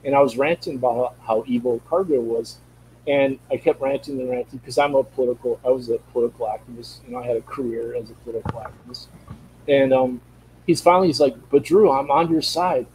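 A man's voice: medium pitch, fast talker, a little mellow, a little hiss or hum, poor audio. A man telling a personal story in a casual, rambling way, often repeating himself and restarting his sentences.

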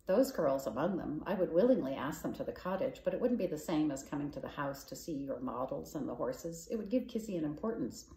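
A woman's voice: low-pitched, expressive, a little fast, hardly any pauses, dark tone. A woman doing a stiff old retired admiral. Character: gruff elderly retired male admiral. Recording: echoey room.

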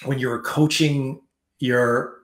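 A man's voice: medium pitch, fairly even intonation, slow pace, fairly bright tone. Reflective male host, roomy sound. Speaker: podcast host. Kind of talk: conversational interview. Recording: roomy echo.

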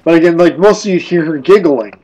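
Man, drunk, slightly high-pitched, rambling, casual ghost storytelling on a game stream. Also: fast, a little mellow, rough recording. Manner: rambling, with many restarts and "like".

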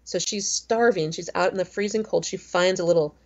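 Rambling, low-voiced woman podcast host. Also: a little fast, highs cut off. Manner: rambling, chatty storytelling with many fillers. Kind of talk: casual chat.

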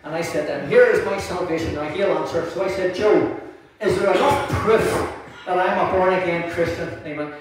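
A man preaching a sermon, praying quietly at first and then telling stories with lively humour. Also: sits high, a little fast, few pauses, noisy background. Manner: prays softly, then preaches with lively storytelling and laughter. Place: church hall. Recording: echoey room from far off.

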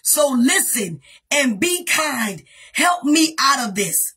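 High, bright, husky-voiced woman preaching. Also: sing-song, slow. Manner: impassioned preaching, often shouting, call-and-response. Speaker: pastor. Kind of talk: sermon.

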